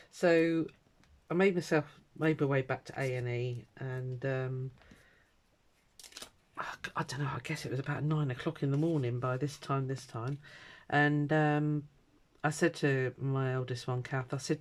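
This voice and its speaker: A woman's voice: extremely low pitch, normal speed. A middle-aged woman, rambling through a personal story in casual chat, acting out the voices of the people in it. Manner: rambling anecdotal storytelling, animated quoting. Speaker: crafting vlogger.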